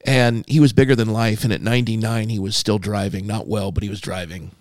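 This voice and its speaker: Low-voiced pastor telling a story. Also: male voice, brisk, no echo, clean studio sound. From California. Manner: animated storyteller, acting out a commanding old man's voice. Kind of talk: storytelling in a podcast conversation.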